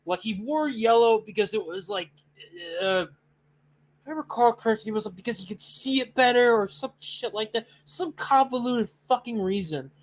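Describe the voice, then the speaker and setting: A young adult streamer ranting excitedly and profanely in a casual live-stream reaction, with loud outbursts. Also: mid-range voice, normal speed.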